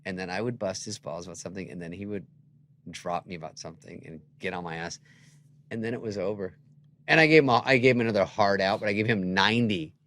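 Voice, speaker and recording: An older man in casual chat, telling stories as a guest and acting out the voices in them, now loud, now soft. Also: low voice, quick pace, slight background noise. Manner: animated, acts out voices in anecdotes, swings loud and soft.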